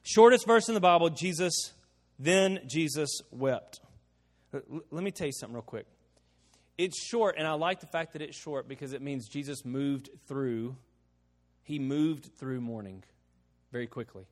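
A man preaching a sermon as pastor, animated and joking, swinging between loud emphasis and quiet asides. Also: on the high side, normal speed. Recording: long reverb of a large hall.

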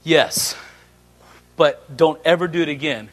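A man's voice: fairly high pitch, measured pace, fairly bright tone, pitched below the performer's own voice. A man voicing a fed-up older woman who scolds her pet parrot in a joke told during a sermon. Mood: rueful.

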